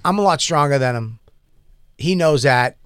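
A man telling a rambling story in casual chat, animated and full of profanity. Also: fairly high pitch, moderate pace, smooth, no room sound, clean studio sound. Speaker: podcast storyteller.

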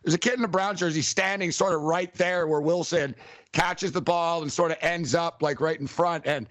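A man co-hosting a casual sports talk show, telling stories in an animated, excitable way. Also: fairly high pitch, normal speed, no room sound.

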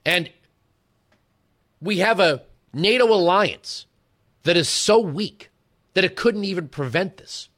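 A man's voice: high-pitched, animated, slow pace, long pauses, fairly bright tone. A man in his forties hosting a political talk radio show, giving an emphatic, rhetorical monologue that moves between lecturing and storytelling.

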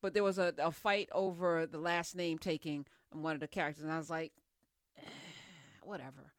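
A woman's voice: sits low, fairly even intonation, fast, dry recording, studio quality. A woman hosting a talk show, chatty and teasing, firing questions at her guests. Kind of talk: casual talk-show interview.

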